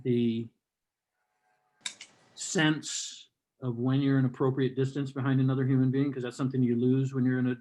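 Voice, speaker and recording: A man's voice: mid-range voice, little pitch movement, moderate pace, pauses often, dark tone. An older man performing a stand-up comedy set, ranting in a sardonic, mock-hostile way, recorded live at a comedy show. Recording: live comedy club with audience.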